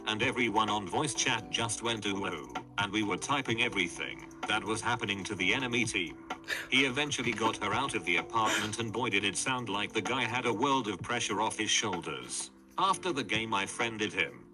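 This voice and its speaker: A man's synthetic voice reading forum posts aloud in a flat, even delivery. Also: lowish voice, fairly quick. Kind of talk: text-to-speech story reading. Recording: background music under voice.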